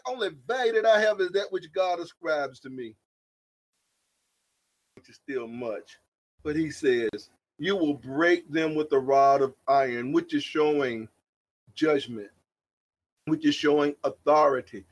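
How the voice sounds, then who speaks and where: A man preaching a fiery sermon as pastor, swinging from quiet asides to shouted points. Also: a little high, measured pace, pauses often.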